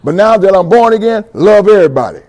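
A middle-aged man giving a fervent testimony sermon, calling out to his audience and building to loud passages. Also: sits high, animated, fast. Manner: call-and-response with audience, rising fervor.

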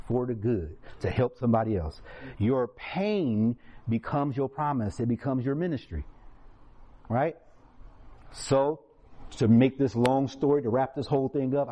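A man preaching a sermon, telling a story and acting out its characters in a raised voice. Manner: animated, acts out characters in higher voice. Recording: dull lo-fi sound.

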